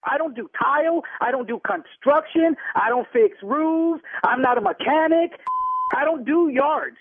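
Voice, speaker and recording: Man, very high voice, indignant, insulting, heated phone call, tinny phone line. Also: background noise. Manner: indignant, insulting, rapid-fire retorts. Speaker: prank call target. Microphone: telephone.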